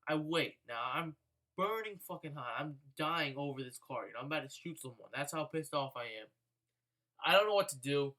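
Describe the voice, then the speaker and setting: Bright-voiced young man telling a story. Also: fairly high pitch, normal speed. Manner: profane, animated storytelling. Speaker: vlogger. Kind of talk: casual storytelling vlog.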